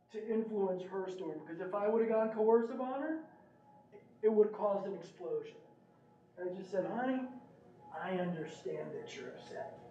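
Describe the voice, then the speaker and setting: A middle-aged man speaking at a parent meeting, telling stories and often asking the audience "right?". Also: high-pitched. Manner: animated, asks the audience "right?". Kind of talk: presentation with storytelling. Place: meeting room. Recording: roomy, distant, dull room recording.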